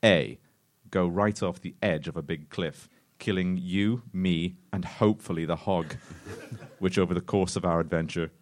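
A man's voice: sits low, steady tone, normal speed, a little hiss or hum. A man narrating a comic choose-your-own-adventure story in a mock-dramatic way, laughing at his own jokes. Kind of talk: comic storytelling before a live audience.

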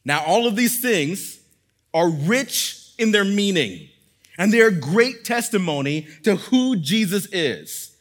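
Taking it slowly with a sing-song lilt, an earnest pastor delivers his sermon in a somewhat high male voice. He moves from quiet prayer into teaching, hammering points through repetition.

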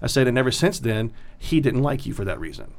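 A man's voice: medium pitch, fast, creaky. Profane storytelling comedian, man. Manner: profane, animated storyteller acting out quotes. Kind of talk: casual storytelling chat.

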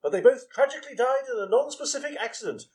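An actor playing a prim, deadpan assistant detective in a comedy sketch. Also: male voice, very high voice, quick pace, poor audio. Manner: deadpan, evasive. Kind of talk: live comedy sketch reading.

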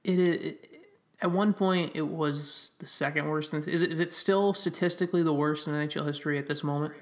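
A man's voice: fairly high pitch, steady tone, brisk. A man co-hosting a casual sports podcast, thinking aloud and breaking down players while he looks up stats. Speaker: podcast co-host.

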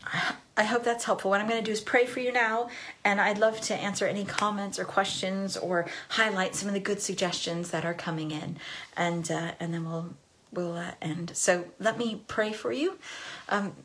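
Woman, parenting presenter, lively and conversational, quick to laugh. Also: mid-range voice. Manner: animated and chatty, laughs often and acts out children's phrases. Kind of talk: live-streamed talk to parents.

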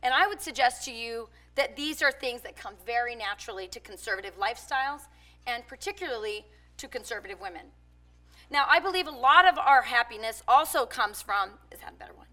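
Bright-voiced woman giving a talk. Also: a little high, lively intonation, brisk. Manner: conversational, frequent fillers. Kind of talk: public speech with personal anecdotes.

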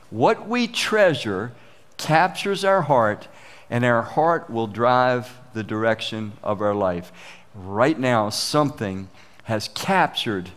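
A man preaching a sermon as pastor, earnest and conversational, often restarting his phrases. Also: mid-range voice.

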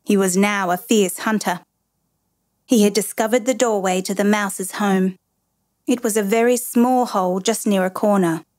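A woman narrating a children's story in a measured, gently expressive reading. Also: medium pitch.

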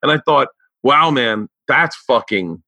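A man's voice: mid-range voice, expressive, measured pace, pushed and bright, no room sound. A man hosting a podcast, chatting casually with lots of swearing and stammered restarts. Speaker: podcast host. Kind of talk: casual interview chat.

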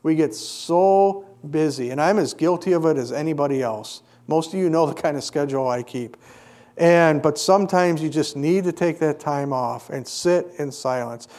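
A middle-aged man preaching a sermon in a fairly high voice. He talks earnestly, swelling into emphatic stresses and then sinking to quiet, reflective lines. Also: normal speed. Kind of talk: sermon with personal story.

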